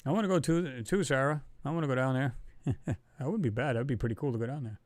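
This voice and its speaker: Excitable man hosting a livestream. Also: medium pitch, quick pace, no echo. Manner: excitable, talks to chat viewers, reads their comments aloud. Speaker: livestream host. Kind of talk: casual livestream commentary on photos.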